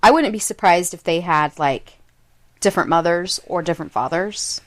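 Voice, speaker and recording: A young adult woman co-hosting a podcast in casual chat, playful and teasing, reasoning her guesses out loud. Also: fairly low pitch, moderate pace. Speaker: podcast co-host.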